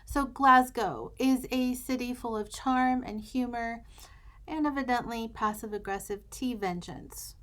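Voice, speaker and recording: Brief: American woman, journaling host, higher-pitched voice, chatty and wry storyteller. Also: a little slow, a bit bright. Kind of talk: casual storytime while journaling.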